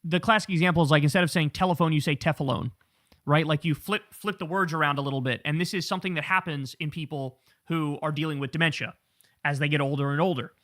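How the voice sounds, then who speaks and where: A man's voice: fairly high pitch, fairly even intonation, quick pace, a bit bright, no echo, studio quality. A man hosting political commentary, talking casually in a blunt, profane and incredulous way.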